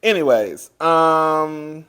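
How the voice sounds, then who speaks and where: Male reviewer, casual gossip recap, loud, laughs a lot, takes his time. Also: a little high, extremely slow. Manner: loud and animated, laughs often; chatty, addresses listeners as girl. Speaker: TV show reviewer.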